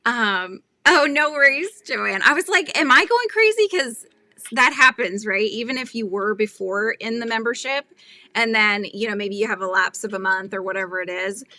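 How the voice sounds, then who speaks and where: Chatty bright-voiced woman livestreaming. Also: mid-range voice, moderate pace, dry recording. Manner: chatty, reads and greets viewer comments; frequent laughs and fillers. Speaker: livestream host. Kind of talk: casual live-stream chat while crafting.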